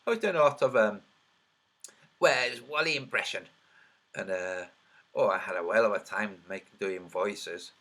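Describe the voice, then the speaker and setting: A man making online videos, talking over his screen and counting out loud as he argues his point, his voice a little trembly. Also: on the low side, normal speed, pauses often. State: slightly trembly voice. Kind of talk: screen-share commentary.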